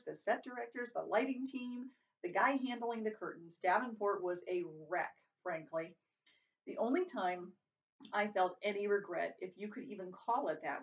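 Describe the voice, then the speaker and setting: Lady reading a book out loud, trips over words now n then, sits back from the mic. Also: on the low side, distant mic, highs cut off. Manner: plain reading with occasional stumbles and self-corrections. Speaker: reader. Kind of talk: reading a novel aloud in first person.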